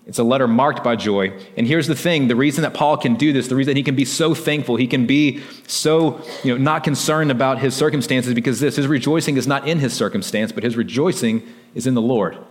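A pastor gives a relaxed, conversational sermon at a fairly quick pace, sprinkling in "like" and "right?" as he addresses the congregation. His voice is an ordinary middle pitch, wrapped in long hall reverb.

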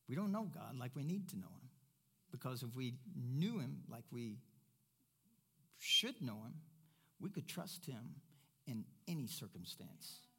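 A man preaching a sermon as pastor, first loud and emphatic, then quieter and conversational. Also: mid-range voice, sing-song, unhurried, gravelly, pauses often, husky.

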